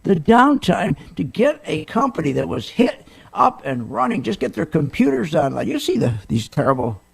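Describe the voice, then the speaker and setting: A middle-aged man hosts a talk radio show in a gravelly, fairly high voice. He rants with indignant disbelief and fires off rhetorical questions. His pitch swings widely as he hammers his points. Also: very animated, moderate pace. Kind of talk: animated talk radio monologue.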